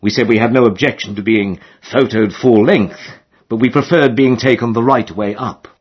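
A man narrating a comic novel in a lively, expressive way with dry humor, in a dull lo-fi recording. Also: mid-range voice, normal speed, slightly rough. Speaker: audiobook narrator.

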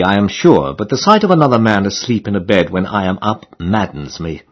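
A man's voice: on the low side, breathy edge, dull audio. A man narrating a comic classic novel as an audiobook, with a dry, mock-solemn delivery. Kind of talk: scripted narration.

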